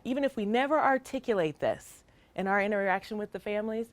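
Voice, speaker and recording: A woman's voice: medium pitch, expressive, fairly quick, a little mellow, no room sound. Middle-aged woman trainer: earnest, emphatic, conversational; mid-range voice, dry close recording. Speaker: child welfare trainer. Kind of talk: training session talk.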